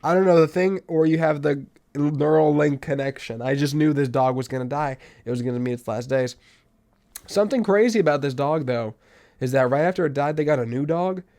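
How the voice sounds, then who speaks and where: A young man hosting a podcast, telling stories in a casual monologue that swings from loud outbursts to low mutters. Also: fairly quick. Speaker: podcast host.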